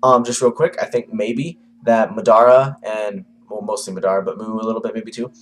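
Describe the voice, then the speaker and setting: A man's voice: fairly low pitch, steady tone, a little fast. A man giving a casual manga review to camera, rambling with lots of fillers and the odd swear.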